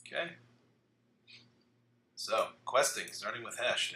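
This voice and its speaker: A man with a fairly low yet bright, forceful voice runs a tabletop card game podcast, reading the rules aloud and joking with his players. He sounds like he is in an echoey room, with a faint hiss behind him. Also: expressive. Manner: jokey, reads rules aloud briskly.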